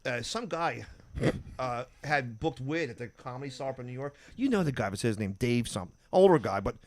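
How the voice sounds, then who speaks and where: A man's voice: mid-range voice, lively intonation, brisk. A man telling rambling comic anecdotes on a podcast, often breaking into laughter. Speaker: podcast guest. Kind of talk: casual storytelling chat.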